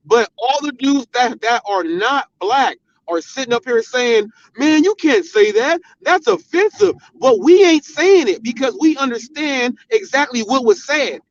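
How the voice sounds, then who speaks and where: Heated high-voiced American man ranting. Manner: confrontational, repetitive, emphatic. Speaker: channel host. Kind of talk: heated commentary monologue. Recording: dull, dry lo-fi sound.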